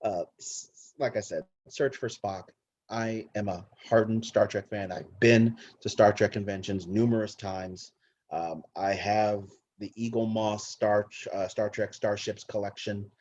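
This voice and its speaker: A fairly low-voiced man hosts a casual movie podcast, rambling enthusiastically and cursing freely. His voice comes through a dull, lo-fi recording. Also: steady tone, measured pace, darkish tone. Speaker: podcast host.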